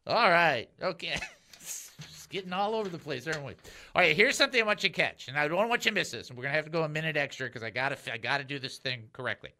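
A man hosting a call-in Christian radio show, chatty and animated, laughing easily as he jumps between topics. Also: a little high, fast talker.

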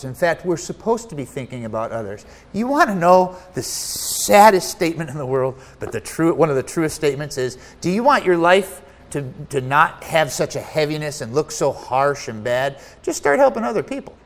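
A man preaching a sermon as pastor, emphatic and animated, slipping into whiny voices to mock self-centered complaints. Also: high-pitched, in a large hall. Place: church.

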